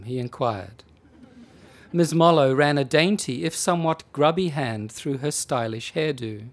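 A man reading a comic short story aloud with dry, expressive delivery. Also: fairly high pitch, unhurried.

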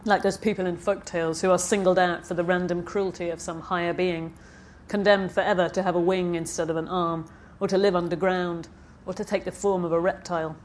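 A woman's voice: on the low side, flat delivery, a little fast, hardly any pauses, a little hiss or hum. A woman novelist reading from her book at a live event, with chatty, hesitant asides between passages and a slight frog in her throat. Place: festival stage.

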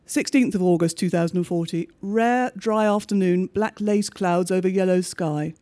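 A man with a notably high voice reads a bleak diary-style story aloud. His delivery is measured and understated, with each entry set down plainly. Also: warm tone. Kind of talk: scripted narration of a diary story.

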